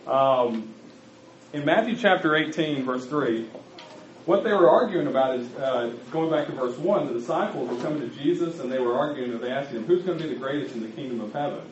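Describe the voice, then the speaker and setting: A man's voice: mid-range voice, fairly quick, a little hiss or hum. A man preaching a sermon, talking conversationally and speaking directly to his congregation. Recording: roomy, slightly muffled recording.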